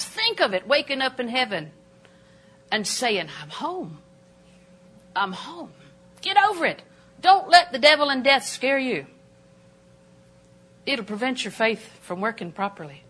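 In a church auditorium, an older woman delivers an animated, emphatic sermon marked by sudden jumps in pitch.

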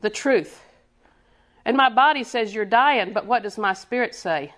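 A woman delivers a sermon in a somewhat high, slightly bright voice at an unhurried pace, building her points through rhythmic repetition. She poses questions to the congregation and answers them herself, with short chuckles between points.

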